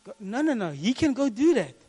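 A man preaching a sermon to a congregation as a youth pastor, telling the story in a lively way and repeating key phrases for emphasis. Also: extremely high pitch, fairly quick, slightly rough.

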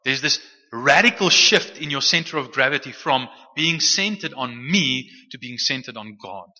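Bright-voiced preacher man, stammering. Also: mid-range voice, animated, normal speed. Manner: conversational with frequent restarts and stammered repeats. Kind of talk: sermon teaching. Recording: muffled sound with long hall reverb.

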